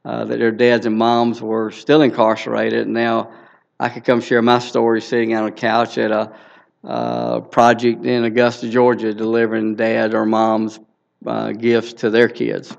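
Gravelly older Southern man. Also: medium pitch, completely flat delivery, measured pace, muffled recording. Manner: folksy storyteller, many fillers. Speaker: guest speaker. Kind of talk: church testimony.

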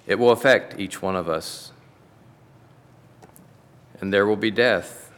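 Low-voiced pastor in a reverberant hall. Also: male voice, slow pace, long pauses, fairly bright tone. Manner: earnest, dramatic storybook reading. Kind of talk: sermon with a read-aloud Bible story.

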